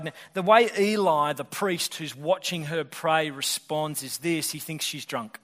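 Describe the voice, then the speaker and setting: A man gives a sermon in a friendly, conversational voice that sits a little high for a man. He slips into the voices of the people in the story as he goes. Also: a bit bright. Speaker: preacher.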